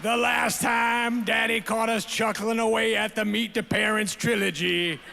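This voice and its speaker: A man reading a comic roast letter aloud in a put-on Southern accent, with a slow, drawn-out delivery at an awards ceremony. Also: sits high, little pitch movement, creaky, bright, forceful tone, a faint crowd, slight background noise, pitched above the performer's own voice, exaggerated voice. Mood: mocking. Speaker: award recipient. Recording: reverberant awards hall, faint ambience.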